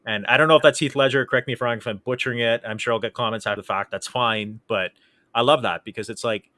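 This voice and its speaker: Bright, emphatic male podcast host. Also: medium pitch, fairly even intonation, fast talker, dry recording. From Canada. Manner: emphatic, repeats phrases. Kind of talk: casual interview chat.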